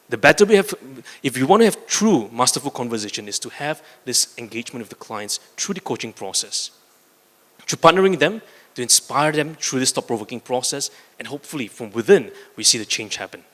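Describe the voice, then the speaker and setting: A man's voice: mid-range voice, a bit bright. A man giving an earnest keynote talk on coaching at a conference, telling a story, often repeating words as he restarts. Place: large conference hall. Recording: reverberant conference hall.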